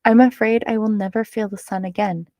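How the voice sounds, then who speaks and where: A woman's voice: mid-range voice, steady tone, brisk, mellow, no room sound, clean studio sound, close to an everyday voice. A woman reading as a wistful old grandfather. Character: elderly grandfather, sad and fading memory.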